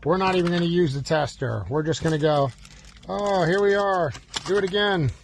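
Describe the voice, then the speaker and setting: A man's voice: high-pitched, normal speed, gravelly, a little hiss or hum. Man talking through key programming in a car. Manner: exaggerated mock panic, fretful exclamations. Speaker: automotive locksmith demonstrating key programming. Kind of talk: hands-on demonstration with mock panic. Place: inside a car.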